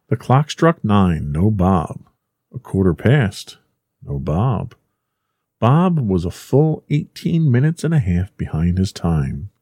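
A man narrating a classic story with measured, expressive delivery. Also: lowish voice, husky, no echo.

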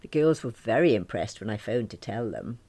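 A woman's voice: extremely low pitch, big pitch swings, moderate pace, mellow, breathy edge. A woman reading a first-person novel, chatty and wry, poking fun at herself. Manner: wry, self-deprecating, chatty. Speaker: audiobook narrator.

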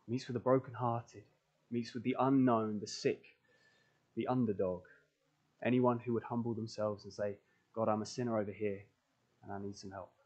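A man's voice: medium pitch, darkish tone, husky. A man preaches to a church congregation in an earnest voice. He leans on repeated phrases to build each point. The sound is dull and lo-fi. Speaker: pastor. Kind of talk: sermon. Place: church, recorded for online stream.

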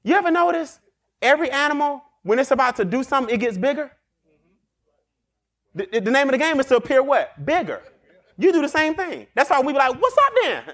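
With an extremely high pitch, a man hosts his podcast, delivering lively street-smart motivation. Laughter comes often, and he acts out quick exchanges.

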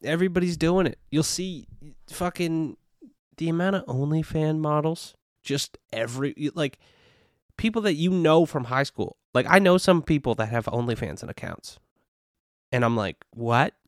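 A man's voice: fairly high pitch, moderate pace, dry recording, clean studio sound. A young adult man hosting a casual solo podcast, rambling and profane with constant "you know" and "dude" fillers. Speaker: podcast host.

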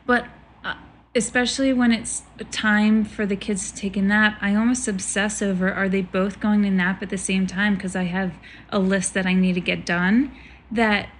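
Chatty woman telling lively stories. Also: medium pitch, normal speed, a little hiss or hum. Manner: animated storyteller, acts out quotes with laughter. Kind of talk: casual chat.

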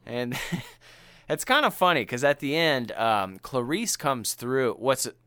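A man's voice: medium pitch, takes it slowly, clean tone, no room sound. A man co-hosting a podcast, chatting casually and retelling a film with slang and profanity. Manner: animated and profane, slangy storytelling. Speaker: podcast co-host.

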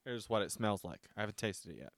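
A man's voice: on the low side, lively intonation, quick pace, a bit bright, no room sound. A man in his twenties chatting casually to camera as he reviews a drink, rambling, swearing freely and poking fun at himself. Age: 20s.

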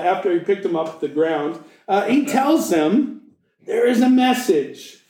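A man's voice: high-pitched, darkish tone, echoey room, rough recording. A man preaching a sermon as pastor, reading scripture and then retelling it with jokes and playful asides.

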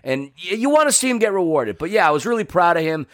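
Male podcast co-host, slightly high voice, relaxed slangy delivery, dry recording. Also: fast, dry recording. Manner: laid-back and slangy. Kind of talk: casual match-recap chat.

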